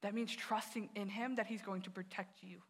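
A woman's voice: medium pitch, fairly even intonation, moderate pace, slightly rough. A woman youth director giving an earnest sermon, telling personal stories and speaking straight to the listeners.

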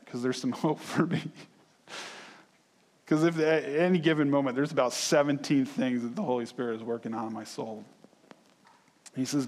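A man preaching a conversational sermon as pastor, telling stories with animated quoted voices. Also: medium pitch. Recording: long hall reverb.

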